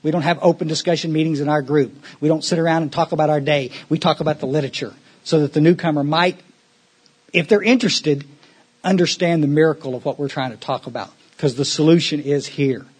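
A man's voice: on the high side, fairly quick, darkish tone, breathy edge. A man speaking at a recovery meeting in an earnest, folksy way, often restarting his words.

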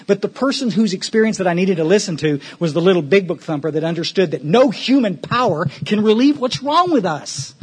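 A man's voice: sits high, lively intonation, fairly quick, few pauses, slightly rough. A man speaking at a recovery meeting in an earnest, folksy way, often restarting his words.

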